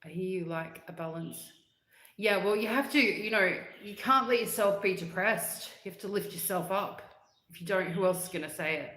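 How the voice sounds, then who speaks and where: A woman's voice: medium pitch, normal speed, a bit bright. Chatty woman in an echoey room. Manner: chatty and upbeat, laughs often, hums and sings snippets. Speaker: livestream host. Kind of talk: casual livestream chat reading comments.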